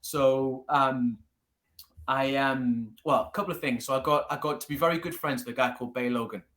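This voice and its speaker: Geordie male guest, martial arts teacher, animated storyteller, mid pitch. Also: normal speed. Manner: storytelling, animated, laughs easily. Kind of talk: casual interview.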